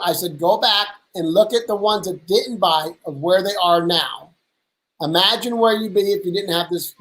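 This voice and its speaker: A man hosting a casual lunch conversation, an energetic storyteller who acts out the people he quotes in animated voices. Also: high-pitched, low-quality recording. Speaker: host. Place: at a lunch table.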